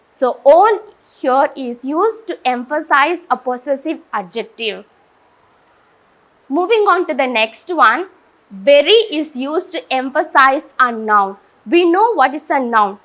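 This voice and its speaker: Young woman teacher from India, lively high voice, explaining grammar step by step. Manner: slow, deliberate, asks and answers own questions. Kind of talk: grammar lesson.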